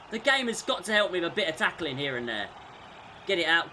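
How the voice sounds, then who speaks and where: A man commentating on his own football video game career mode, shouting at goals and groaning at defensive mistakes. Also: on the high side, brisk, slight background noise. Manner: excitable, shouts at big moments, groans at mistakes. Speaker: gaming YouTuber.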